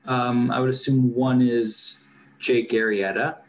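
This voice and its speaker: A man's voice: medium pitch, level tone, slow, rough recording. A man co-hosting a podcast, chatting casually about baseball in a rambling, filler-heavy way. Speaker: podcast co-host. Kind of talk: casual sports chat.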